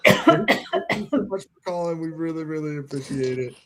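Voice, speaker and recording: A man's voice: a little high, lively intonation, moderate pace, a bit bright. A man hosting a live call-in show with a lot of lift and fall in his voice. He laughs easily and thanks every caller. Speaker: show co-host.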